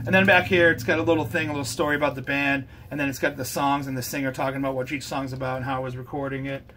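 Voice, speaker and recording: A man's voice: mid-range voice, flat delivery, racing, pushed and bright, a little hiss or hum. A man hosting a casual record review show, talking in a loose, rambling way and swearing casually. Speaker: host.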